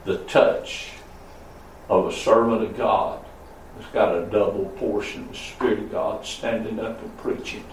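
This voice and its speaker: A male pastor preaching a sermon, swinging between loud high calls and low murmurs. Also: fairly even intonation, measured pace, slight background noise. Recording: echoey room, voice from a distance.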